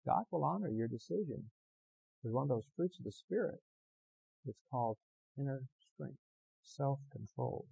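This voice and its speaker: A man preaching a sermon as pastor, swinging between loud emphatic passages and quiet conversational asides to the congregation. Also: medium pitch, animated, normal speed, vocal fry, long pauses, slightly rough, no echo, poor audio.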